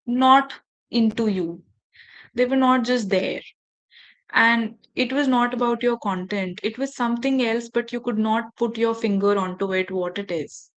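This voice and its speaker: A woman's voice: fairly high pitch, fairly bright tone. Woman trainer on a video call. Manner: engaging, asks the audience questions. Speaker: faculty development trainer. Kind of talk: online training session.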